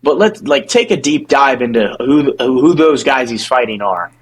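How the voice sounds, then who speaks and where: A young man co-hosting a podcast, talking fast in a casual sports debate, often stumbling and repeating words as he restarts his thoughts. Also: medium pitch, lively intonation, slightly rough, poor audio. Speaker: podcast co-host.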